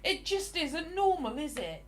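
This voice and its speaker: A woman's voice: sits high, sing-song, a little slow, a bit bright. An English woman in her forties, chatting casually with viewers on a livestream and answering their comments. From England. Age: 40s. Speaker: livestream host.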